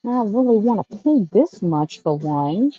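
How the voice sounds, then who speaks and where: A woman's voice: mid-range voice, big pitch swings, unhurried, breathy edge, no room sound, lo-fi sound. A woman vlogging casually while she shops in a store, chatty and rambling with folksy sayings. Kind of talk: casual shopping vlog.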